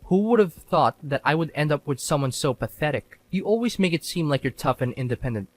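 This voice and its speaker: A man's voice: a little high, animated, a little fast. A man playing a young husband who mocks and scorns his wife in dramatic dialogue. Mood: angry. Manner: mocking, sneering and scornful.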